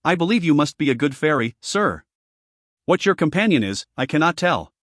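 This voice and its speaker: A man's voice: on the high side, moderate pace, no echo. Male reader as a composed Welsh lady, direct and unflustered, Welsh accent, dry read. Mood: steady. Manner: steady, direct.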